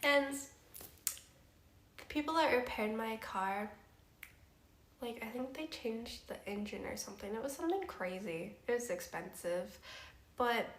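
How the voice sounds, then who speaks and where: A woman's voice: on the high side, expressive, unhurried, long pauses. Chatty young woman in echoey room. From Canada. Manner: chatty, laughs often, filler-heavy. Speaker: streamer. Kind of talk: casual storytelling. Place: house room. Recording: roomy echo.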